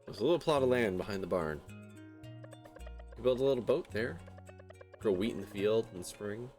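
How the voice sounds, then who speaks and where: A man's voice: on the low side, animated, normal speed, darkish tone, faint music behind, natural voice. Man reading as a shy young village woman.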